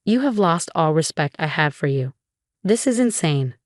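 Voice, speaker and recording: Woman reading angry grown son, defends his wife, flat even delivery, lowish voice. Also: normal speed, dry recording, studio quality.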